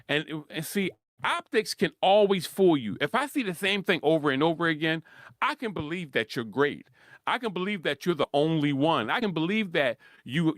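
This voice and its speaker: A man with a Philadelphia accent talking sports in a rambling, animated monologue, acting out quotes and laughing often. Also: on the high side, no room sound, clean studio sound. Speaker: sports commentator host. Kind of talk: casual monologue.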